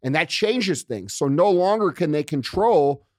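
A man's voice: fairly high pitch, animated, unhurried, darkish tone, no echo, studio quality. A man co-hosting a casual political talk show, ranting heatedly and swearing often. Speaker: podcast co-host.

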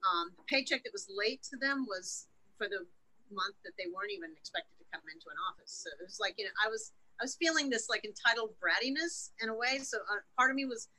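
Woman, interview guest, bright forceful voice, frank, swears freely. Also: medium pitch, animated, quick pace, low-quality recording. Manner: frank and profane, emotional retelling. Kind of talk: candid personal storytelling.

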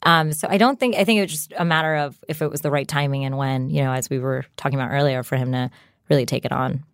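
Her voice is rumbling low with a clean tone and a quick pace. A startup founder in her thirties, she chats through a casual studio interview as a guest, leaning heavily on fillers such as "like" and "you know."

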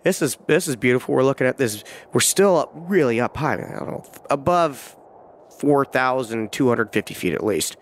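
A hunting guide telling a tense first-person story, vivid and halting, with frequent restarts. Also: male voice, mid-range voice, lively intonation, slight background noise.

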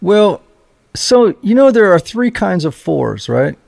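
Gravelly, slightly high-voiced male host. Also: sing-song, slow pace, darkish tone. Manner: hesitant, restarts phrases while forming thoughts. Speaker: podcast host. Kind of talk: conversational interview.

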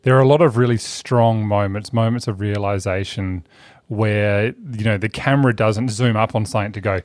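A man's voice: lowish voice, normal speed, a little mellow, no echo. Assured man, dry sound. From Australia. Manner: assured, explanatory. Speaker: film review podcast co-host. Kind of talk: casual chat.

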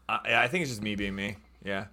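Hesitant young man, bright low voice. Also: gravelly, a little hiss or hum. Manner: halting, hesitant, trailing off. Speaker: podcast co-host. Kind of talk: casual podcast chat.

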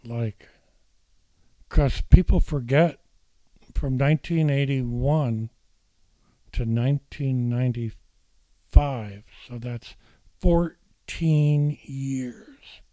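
A man's voice: mid-range voice, slow, pauses often, no echo, low-quality recording. A man telling a candid, emotional personal story, acting out the people he quotes. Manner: animated, acts out the people he quotes.

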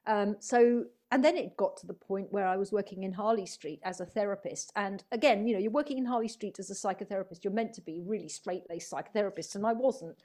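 A woman's voice: medium pitch, fast, hardly any pauses, mellow. A middle-aged woman, a psychotherapist and healer, talks reflectively in a rambling, storytelling way and acts out the voices she quotes. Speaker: guest, psychotherapist and spiritual healer. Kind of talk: conversational storytelling interview.

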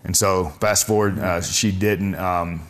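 A man in his forties tells a personal story in conversation, earnest and halting, with frequent restarts. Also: sits low, flat delivery, a bit bright. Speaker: guest telling his faith story.

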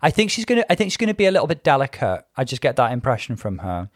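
A man's voice: medium pitch, very animated, racing, dry recording, studio quality. Reflective man in casual chat. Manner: reflective, thoughtful musing.

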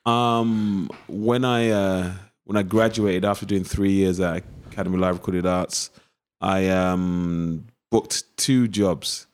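East london guy, kinda low voice, chatty storyteller doing the voices of people he talks about. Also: slow, clear, resonant tone. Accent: East London English. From East London, England. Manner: animated storyteller acting out past conversations. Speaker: actor guest. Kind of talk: interview storytelling.

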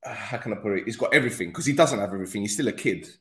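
A man's voice: on the low side, expressive, very fast, a bit bright, slight background noise. A man hosting a casual football interview, chatty and rambling, joking with guests. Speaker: podcast host. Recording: echoey room.

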